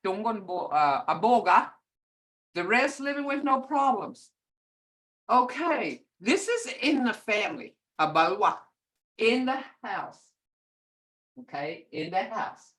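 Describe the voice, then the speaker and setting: Older lady teaching on a zoom call, slow and patient, repeats words, voice jumps up and down a lot. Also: medium pitch, big pitch swings, fairly bright tone, low-quality recording. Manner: patient, repeats words slowly to model tones. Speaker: language teacher. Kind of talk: online language class. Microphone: video call.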